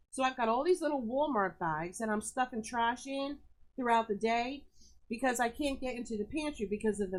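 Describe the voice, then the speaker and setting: A woman hosts a casual live stream from her home in the country. She talks in a rambling, excitable way, and her pitch often leaps up high. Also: rough recording. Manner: chatty, rambling, excitable with big pitch jumps. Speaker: host of a live sales stream. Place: rural home.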